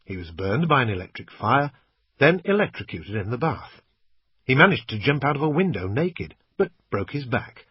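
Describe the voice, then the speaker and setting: A man with a husky voice narrating a thriller in the first person, in a tense, gritty way. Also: medium pitch, sing-song, normal speed, no echo. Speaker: audiobook narrator. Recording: muffled lo-fi recording, dry.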